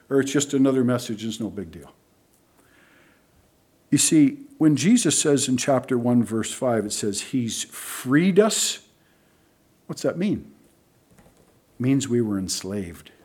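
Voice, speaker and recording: A middle-aged man preaching a sermon, emphatic, moving between loud stresses and hushed asides. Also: mid-range voice, lively intonation, a little slow, long pauses, slightly rough.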